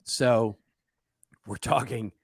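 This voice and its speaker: A man's voice: mid-range voice, drawn-out words, creaky, husky, no echo, clean studio sound. A man co-hosting a casual podcast, reading news stories aloud and breaking in with wry asides. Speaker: podcast co-host.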